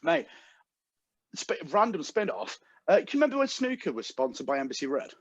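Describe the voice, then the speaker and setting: A man's voice: sits high, sing-song, a little fast, gravelly, no echo, highs cut off. A British man co-hosting a comedy podcast over a video call, telling stories animatedly and mimicking the people he quotes. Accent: British English. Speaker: podcast co-host. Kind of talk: casual comedy banter.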